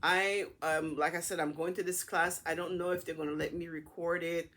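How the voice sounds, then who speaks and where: A middle-aged woman casually telling a personal story to her camera in a chatty, animated way. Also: fairly low pitch, moderate pace. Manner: chatty, animated retelling with acted-out dialogue. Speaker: vlogger.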